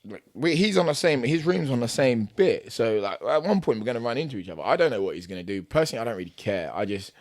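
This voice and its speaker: A man's voice: medium pitch, sing-song, fast talker, hardly any pauses, a little mellow, no echo, studio quality. A young British man, a boxer, telling a backstage story on a podcast in casual slang, acting out both sides of the argument and laughing as he goes.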